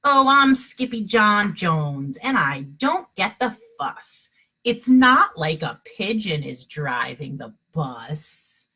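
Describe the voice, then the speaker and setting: A woman's voice: lowish voice, big pitch swings, takes it slowly, sharp tone, slightly rough, heavily acted. Storybook cat kid, male, bouncy and singsong, read by a woman. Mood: playful. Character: excitable young male Siamese cat who thinks he is a chihuahua.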